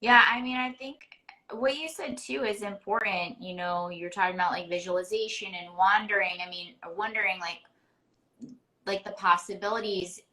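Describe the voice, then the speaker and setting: A woman's voice: medium pitch, steady tone, moderate pace, pushed and bright, low-quality recording. A woman hosting a podcast interview, reflecting on her guest's words and affirming them. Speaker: podcast host and performance coach. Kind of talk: casual interview conversation.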